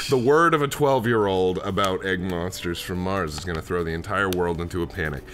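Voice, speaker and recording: A man's voice: low voice, a little fast, few pauses, a bit bright, faint music behind. A man co-hosting a comedy podcast, reading a children's book aloud and breaking off into jokey asides.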